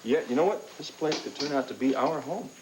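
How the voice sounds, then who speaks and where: A man plays an enthusiastic young father on a 1980s TV soap, playful and full of plans. His pitch leaps about with excitement, over a light hiss. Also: a little fast, natural voice, rough recording. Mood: eager. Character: eager young father, hopeful dreamer.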